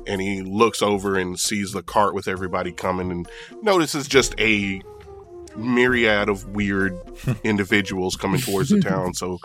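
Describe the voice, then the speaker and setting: A man narrating a tabletop game as game master, describing scenes in a relaxed way with filler words. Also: fairly low pitch, normal speed, soft background music.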